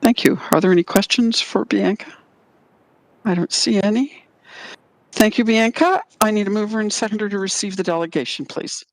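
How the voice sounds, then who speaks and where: A woman chairs a committee meeting, calling items and speakers in brisk procedural language. Her voice has a middle pitch, and the sound is dry and close with no room echo.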